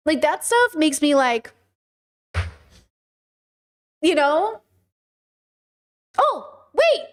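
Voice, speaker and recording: A young woman with a high-pitched voice chats casually on a live stream. She rambles, fills her sentences with "like", and talks straight to her viewers in an emotional way. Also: lively intonation, measured pace. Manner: rambling, emotional, talks to chat, many fillers. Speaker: podcast host streaming live.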